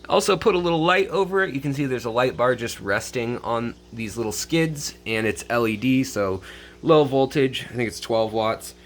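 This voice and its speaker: Man, casual aquarium tutorial, rambling, lots of ums and restarts, mid-pitched voice, home fish room. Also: moderate pace, a little hiss or hum. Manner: rambling, frequent fillers and self-corrections. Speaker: aquarium hobbyist channel host.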